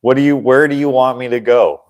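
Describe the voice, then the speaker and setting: A man's voice: mid-range voice, fairly even intonation, brisk. A young man hosting a casual livestream, rambling and chuckling as he acts out the people in his stories. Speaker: channel host.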